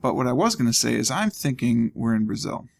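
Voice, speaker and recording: A man with a gravelly, creaky voice talks through a video game in a loose, casual way. He thinks out loud and throws in dry little jokes as he goes. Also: mid-range voice, big pitch swings, brisk. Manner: thinking aloud, wry asides. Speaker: let's play host. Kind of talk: casual gameplay commentary.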